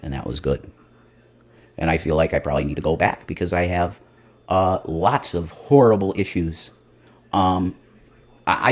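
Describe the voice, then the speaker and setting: A low, husky male voice belongs to a self-styled reverend delivering a rambling, profane comedic monologue on a livestream. He swings between loud outbursts and muttering.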